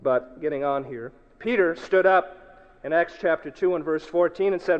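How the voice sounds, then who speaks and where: A man preaching a sermon to a congregation, swinging from loud to hushed and acting out the people he quotes. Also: fairly high pitch, brisk. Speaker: pastor. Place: church hall. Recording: dull, echoey hall recording.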